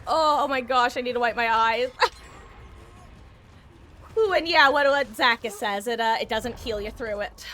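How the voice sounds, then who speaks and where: A woman's voice: fairly high pitch, unhurried, pauses often, pushed and bright, a little hiss or hum. Giggly woman streaming a game. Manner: chatty and self-mocking, laughs often. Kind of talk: live gameplay commentary.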